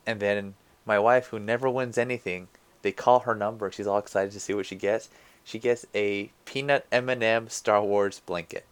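A young married man co-hosting a casual podcast, telling animated stories with dry jokes. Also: lowish voice, normal speed, smooth. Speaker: podcast co-host. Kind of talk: casual chat.

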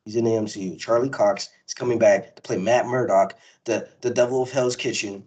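A man co-hosting a casual pop-culture podcast, talking excitedly and rambling with frequent laughs. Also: fairly low pitch, fairly quick, breathy edge, low-quality recording. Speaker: podcast co-host. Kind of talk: casual chat.

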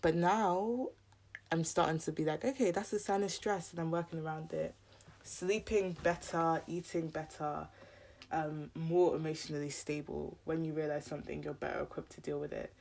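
Young uk woman podcasting w a sore scratchy throat, low gravelly voice, chatty and rambly. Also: steady tone, moderate pace, darkish tone. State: a bit out of breath. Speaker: podcast host. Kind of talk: casual solo podcast chat.

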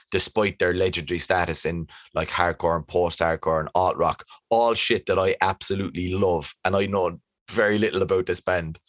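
A man's voice: low-pitched, dry recording, studio quality. A young man co-hosting a podcast in a laid-back, easygoing chat. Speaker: podcast co-host. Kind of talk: casual chat.

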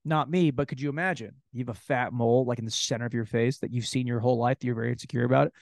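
A man hosting a solo comedy podcast, telling crude, rambling stories in an animated way. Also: mid-range voice, rapid-fire, gravelly, dry recording, studio quality. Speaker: podcast host.

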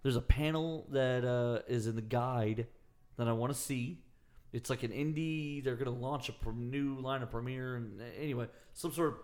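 A man's voice: medium pitch, moderate pace, darkish tone. Easygoing male co-host, casual chat, joins in with laughs. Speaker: podcast co-host.

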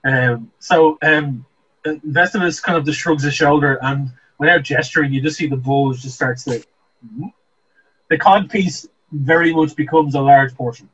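A man's voice: a little high, normal speed, a bit bright, slightly rough, highs cut off. A man narrating a tabletop game as game master, hesitant, with many ums and restarts. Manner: hesitant, lots of ums and restarts, laughs often.

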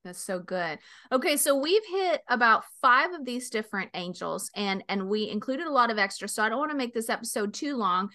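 Woman podcast host, bright voice, a bit high, gets lively telling stories. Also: fairly quick, hardly any pauses. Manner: animated storyteller, acts out voices with big pitch jumps. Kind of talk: casual chat, storytelling.

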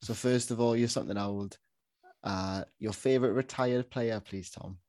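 A man co-hosting a casual podcast, steering the talk in a brisk, matter-of-fact way. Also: lowish voice, steady tone, a little mellow. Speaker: podcast co-host. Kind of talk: casual chat.

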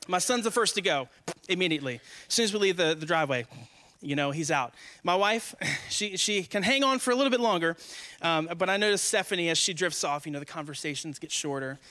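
Young male guest preacher, high and bright, joking with the congregation as he speaks. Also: lively intonation, a little fast. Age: 20s. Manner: joking, asks the congregation questions. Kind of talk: humorous conversational sermon. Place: church before a congregation.

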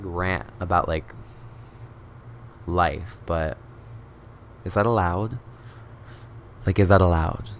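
With a low voice and a bit of background noise, a young podcast host chats casually as he tells a story right up against the mic. He curses frequently, says "like" constantly, and laughs between phrases.

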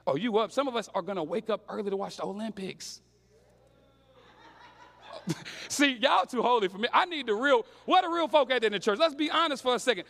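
Young male preacher, high voice, slangy storytelling sermon. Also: expressive, normal speed, pauses often, fairly bright tone, big-room sound.

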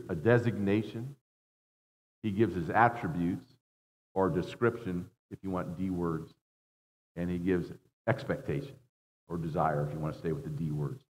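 A man preaching a sermon as a guest preacher, earnest, dropping his voice low and rising for emphasis, often repeating words as he builds a point. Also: darkish tone. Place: church sanctuary. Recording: dull sound in a long-reverb hall.

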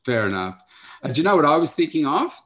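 Man asking quick-fire questions. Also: fairly high pitch, big pitch swings, fairly bright tone. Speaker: podcast host. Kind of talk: casual interview chat.

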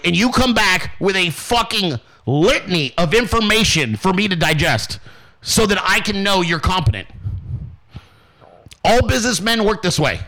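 Male host, profane motivational rant, high lively voice, bright tone. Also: poor audio. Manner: brash, swearing constantly, acts out quoted voices. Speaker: podcast host.

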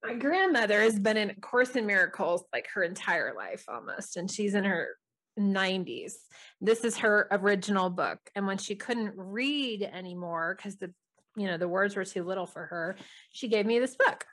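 A woman's voice: medium pitch, lively intonation, moderate pace, fairly bright tone. Chatty middle-aged woman host. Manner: chatty, uses like a lot, laughs easily. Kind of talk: casual chat.

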